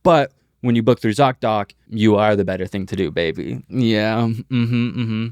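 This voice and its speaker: Man, podcast co-host, low smooth voice, dry sound, casual and swearing. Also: lively intonation, normal speed, darkish tone, dry recording. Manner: loose, joking, swearing. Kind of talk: casual chat and host-read ad.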